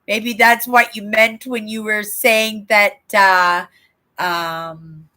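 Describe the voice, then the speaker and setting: Older lady chatting on her livestream, bright voice, talks slow, reads out comments and keeps asking "right?". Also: mid-range voice, steady tone. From Canada. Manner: chatty, reads viewer comments aloud, rambling asides, frequent "right?". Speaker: livestream host. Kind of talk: casual live chat reading comments.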